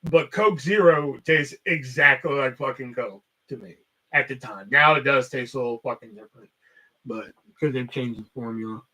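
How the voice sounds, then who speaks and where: A man's voice: medium pitch, normal speed, bright, forceful tone. A man hosting a casual livestream chat, rambling and swearing heavily as he talks. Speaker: host.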